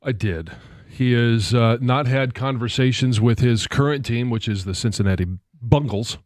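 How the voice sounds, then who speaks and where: Radio co-host guy, calm and analytical, some uh's, dry studio. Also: medium pitch, no echo. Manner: measured, analytical, uses fillers like uh and um. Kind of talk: sports talk radio.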